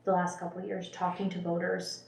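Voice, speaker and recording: A woman's voice: on the low side, monotone, a little fast, creaky, a little mellow. A woman, a policy expert guest, talking earnestly and chattily, with many fillers and restarts. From Spokane County, Washington, US. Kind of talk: casual panel conversation. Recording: roomy room, mic at a distance.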